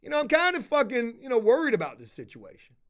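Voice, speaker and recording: High-voiced, cussing male vlogger. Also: wildly swooping pitch, fast, a bit bright. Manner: profane, exasperated, blunt. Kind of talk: casual storytelling rant to camera.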